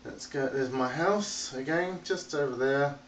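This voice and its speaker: Slow rambling man touring his game world. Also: mid-range voice, a little hiss or hum. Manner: rambling, chatty, talks to animals in a playful sing-song. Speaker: video game tour guide. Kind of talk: casual narrated game walkthrough. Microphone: phone recording. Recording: echoey phone recording from a distance.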